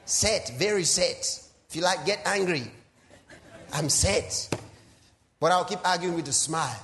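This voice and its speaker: A male pastor preaching a sermon in a teasing, animated way, laughing often and swinging between soft asides and loud exclamations. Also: high voice, measured pace, some chatter behind, slight background noise.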